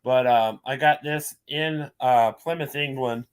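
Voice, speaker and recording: A man in relaxed, casual chat, telling easygoing stories. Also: medium pitch, a little slow, clean tone. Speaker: co-host.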